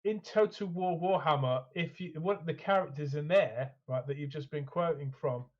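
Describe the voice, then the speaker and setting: A man with a fairly high voice co-hosts a hobby chat, rambling keenly and filling gaps with "uh" and "man". His sound is dull and lo-fi. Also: normal speed, darkish tone, a little hiss or hum. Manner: enthusiastic, rambling, lots of fillers. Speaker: co-host.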